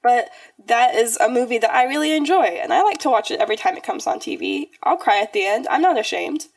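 Chatty young woman, lively pitch. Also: quick pace, vocal fry, no echo, far from the mic. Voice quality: chatty, rambling with many "like" fillers. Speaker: podcast co-host. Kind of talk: casual chat.

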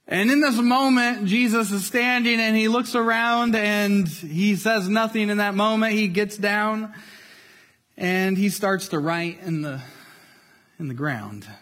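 A man preaching a sermon, retelling a scripture story in a casual, animated way and dropping to near-quiet at dramatic moments. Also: sits high, measured pace, long reverb tail. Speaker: pastor.

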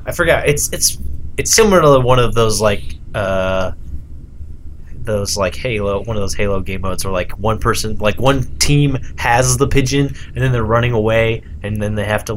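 A man's voice: on the low side, slight background noise. A man chatting casually about video games, rambling with lots of "like" and swearing. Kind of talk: casual gaming chat.

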